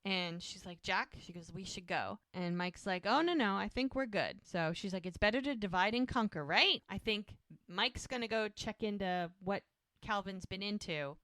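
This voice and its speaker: A woman's voice: medium pitch, normal speed, a bit bright, dry recording, clean studio sound. A woman co-hosting a podcast, casually retelling scenes and briefly mimicking the characters' lines. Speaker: podcast co-host. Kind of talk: casual recap chat.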